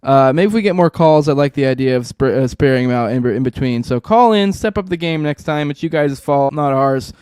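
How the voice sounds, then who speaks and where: A man's voice: medium pitch, lively intonation, a little fast, few pauses, darkish tone, clear, resonant tone, no echo, clean studio sound. A man hosting a podcast, tired and sniffly, easygoing as he chats and plugs the show. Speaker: podcast host. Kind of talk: casual chat and show sign-off.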